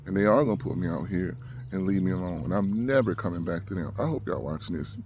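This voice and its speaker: A man's voice: deep voice, quick pace, background noise. A man ranting emotionally to the camera, agitated and short of breath, repeating himself as he talks. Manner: agitated, repetitive, heated. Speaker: vlogger.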